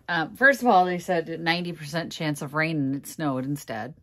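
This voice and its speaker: Low-voiced woman near tears. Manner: halting, sighing, laughing through frustration. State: on the verge of tears. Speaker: vlogger and furniture flipper. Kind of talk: casual vlog talking to camera.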